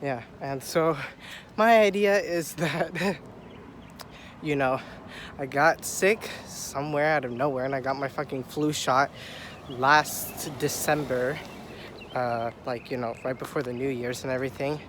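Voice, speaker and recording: A young man with a stuffy nose, out of breath, rambling excitedly and swearing as he vlogs on a phone while walking outside. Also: mid-range voice, unhurried. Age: young adult. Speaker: vlogger. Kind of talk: casual walking vlog. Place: outdoors on a city street. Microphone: phone held at arm's length. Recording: faint outdoor traffic noise. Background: faint street and traffic sounds.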